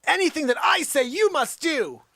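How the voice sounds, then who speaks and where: A man mimicking a shrill, easily offended person who demands to be obeyed, whiny and indignant. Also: animated, normal speed, pushed and bright, dry recording, clean studio sound, heavily acted.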